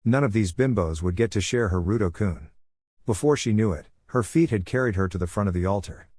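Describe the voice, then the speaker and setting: A man narrating a fan fiction story in an even storybook reading. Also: lowish voice, dry recording, clean studio sound.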